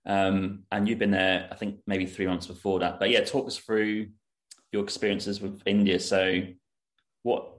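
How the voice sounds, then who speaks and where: Deep-voiced man hosting a chatty podcast. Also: unhurried. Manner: relaxed, chatty, with frequent "like" and "um". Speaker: podcast host. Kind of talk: casual interview chat.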